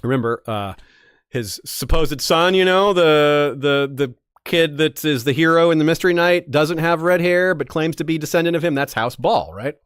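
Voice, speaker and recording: A man's voice: on the high side, moderate pace, clear, resonant tone, dry recording, studio quality. A man hosting a history podcast, telling the story in a casual, joking way with frequent restarts. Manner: joking, animated, restarts often.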